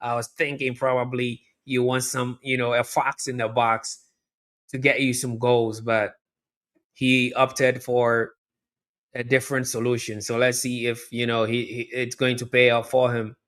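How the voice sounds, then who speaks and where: A man's voice: mid-range voice, measured pace. A man hosting a live watch-along, chatting through the match and talking straight to his viewers. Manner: chatty, talks to viewers directly, repeats himself; erupts into loud excited shouting at near misses. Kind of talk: live match reaction commentary.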